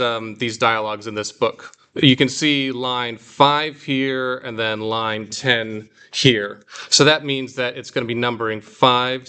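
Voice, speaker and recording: A man teaching a Greek class, explaining patiently and slowing down to repeat words for students. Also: mid-range voice, fairly bright tone. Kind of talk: classroom lesson.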